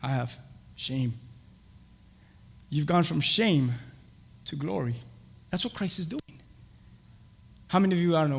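A young man preaching a sermon, telling a lively personal story with laughter and acted-out voices. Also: fairly high pitch, creaky. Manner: animated, laughing, acts out voices in his stories. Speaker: pastor. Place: church. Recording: church hall reverb.

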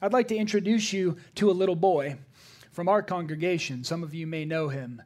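A man's voice: sits high, brisk, a little mellow. A male pastor preaching a sermon to his congregation, emphatic and repeating key phrases for weight.

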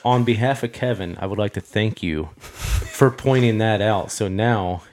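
Brief: man, low voice, unhurried folksy deadpan. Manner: slow, folksy, dry joking. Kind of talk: casual chat.

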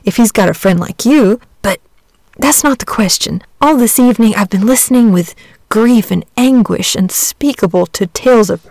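A woman's voice: medium pitch, creaky, no room sound. A woman voicing a good-natured knight saint who speaks in formal, old-fashioned phrasing in a storybook reading.

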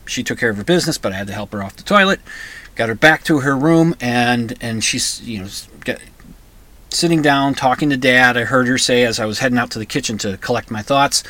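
Bright-voiced man telling a personal story. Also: medium pitch, dry recording. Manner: halting, many restarts and fillers. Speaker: podcast host. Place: comic book store.

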